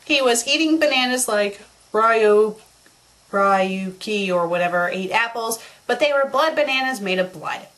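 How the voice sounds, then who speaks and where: Woman, sharp bright voice, fairly high, sarcastic fanfic reading, exasperated ranting. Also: expressive, measured pace. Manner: exasperated, mocking rants. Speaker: fanfiction critic host. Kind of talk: sarcastic dramatic reading with commentary.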